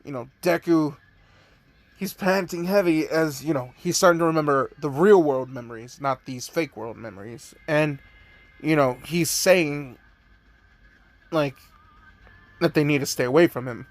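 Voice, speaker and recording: A man's voice: a little high, a little slow, pauses often. Rambling male storyteller, "you know". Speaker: fan story narrator. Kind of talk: casual improvised storytelling.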